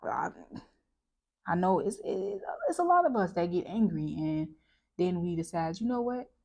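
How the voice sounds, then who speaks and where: Woman vlogger, low-ish voice, casual scripture chat, reflective and loose. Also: sing-song, unhurried, darkish tone. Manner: chatty and reflective, with many fillers. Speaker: bible study vlogger.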